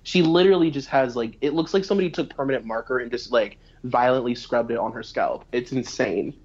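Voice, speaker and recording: A woman's voice: a bass voice, brisk, darkish tone, husky, dull audio. A young woman co-hosting a podcast, talking animatedly about a TV show and laughing readily. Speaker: podcast co-host. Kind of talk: casual chat recapping a TV show.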